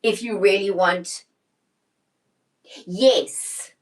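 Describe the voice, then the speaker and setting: A middle-aged woman who works as a personal stylist chats casually on a live shopping stream, answering viewer questions and frequently restarting her sentences. Her voice sits in the mid-range and she speaks very slowly. The recording quality is low.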